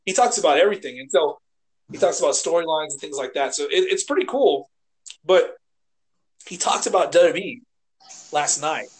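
A man co-hosting a casual podcast, rambling and animated, swearing and acting out quotes as he retells scenes. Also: a little high, moderate pace, long pauses. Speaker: podcast co-host. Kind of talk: casual chat.

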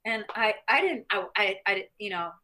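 A middle-aged woman from the US Midwest, a guest telling animated stories in an interview and acting out other people's lines. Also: mid-range voice, moderate pace. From Missouri, US Midwest. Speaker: guest, former champion fighter and stuntwoman. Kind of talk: interview storytelling.

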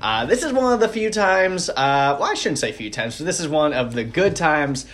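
A man's voice: fairly high pitch, big pitch swings, moderate pace, fairly bright tone, slight background noise. A man hosting a podcast in a casual chat, telling rambling self-deprecating stories full of fillers. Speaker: podcast host.

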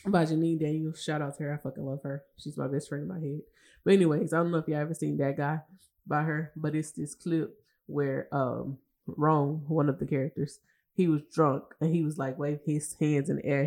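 Tired, rambling woman with gravelly voice. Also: deep voice, a little mellow. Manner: rambling, profane, many restarts. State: tired and emotional. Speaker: podcast host. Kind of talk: casual solo podcast rant.

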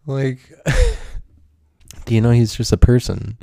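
A man's voice: mid-range voice, huge pitch swings, slow pace, creaky, dark tone, no room sound, clean studio sound. A man hosting a solo podcast, rambling and self-mocking, swearing and laughing as he talks. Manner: swears a lot. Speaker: podcast host.

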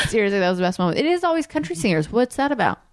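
A giggly woman hosting a podcast, chatting casually with a friend. Her pitch swings widely as she tells stories animatedly. The sound is dry and close on a podcast recorder. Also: very animated, fast, no echo. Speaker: podcast host. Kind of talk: casual chat.

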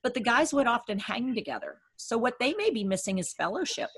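Lively self-correcting woman co-host. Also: on the high side, fairly quick, husky. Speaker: dementia care educator, co-host. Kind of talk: casual podcast chat.

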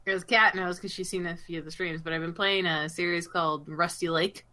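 Hesitant, low-key woman chatting. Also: fairly even intonation, fairly quick, pushed and bright. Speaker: podcast co-host. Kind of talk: casual chat.

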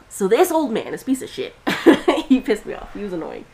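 A woman's voice: on the high side, wildly swooping pitch, normal speed, few pauses, darkish tone. A young woman co-hosting a podcast, telling a story in casual chat with a blunt, profane, ranting manner. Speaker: podcast co-host.

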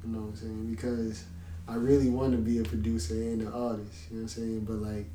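A man's voice: fairly low pitch, level tone, fast, dark tone, recorded from a distance. A man who is a guest artist and producer, talking casually and thoughtfully about his music. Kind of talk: casual chat. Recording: echoey room, a bit off mic, faint noise.

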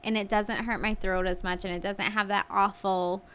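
A woman's voice: mid-range voice, flat delivery, normal speed, a bit bright, slight background noise. A woman in her thirties, a podcast co-host, chatting casually and telling a story with lots of "like", acting out what people said and swearing now and then. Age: 30s. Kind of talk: casual chat.

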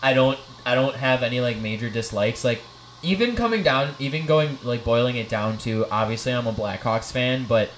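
Young guy co-host for a sports podcast, rambling and excitable, middle pitch, faint noise behind. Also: moderate pace, low-quality recording. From Chicago. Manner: rambling, excitable, swears, laughs often. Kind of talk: casual sports chat.

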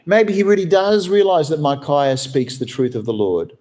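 A man who is a pastor, preaching a sermon from behind the pulpit in an animated, conversational way. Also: moderate pace. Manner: animated, conversational preaching with wide swings in pitch.

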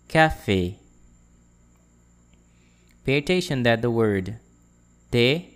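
A man with a medium-pitched voice teaches French pronunciation on a podcast. He enunciates carefully and says words again for listeners to imitate.

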